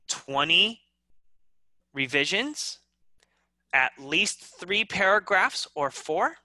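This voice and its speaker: An English teacher giving an online class, animated and demonstrating each point with big swings in pitch and loudness. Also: no echo.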